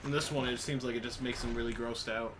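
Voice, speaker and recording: A young man co-hosting a let's play, excitable and swearing, quick to laugh. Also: mid-range voice, recorded from a distance, background noise. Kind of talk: casual gaming banter.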